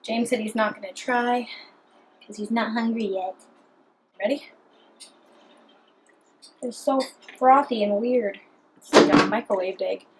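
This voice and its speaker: A woman's voice: fairly high pitch, a little slow, pauses often, background noise. A woman talking chattily and cheerfully through a home cooking vlog in her kitchen. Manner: chatty, upbeat, talks while eating. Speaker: cooking vlogger.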